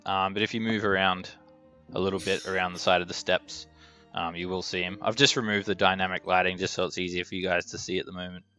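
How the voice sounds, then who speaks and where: Bright-voiced game master narrating. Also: male voice, low voice, level tone, fast, soft background music. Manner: describing scenes with frequent ums.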